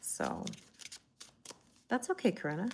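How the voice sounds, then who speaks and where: A woman's voice: on the low side, wildly swooping pitch, measured pace, vocal fry, a little hiss or hum. Chatty woman tarot reader streaming live. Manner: chatty and rambling, greets viewers by name; heavy use of "like" and restarts. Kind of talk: casual livestream tarot reading.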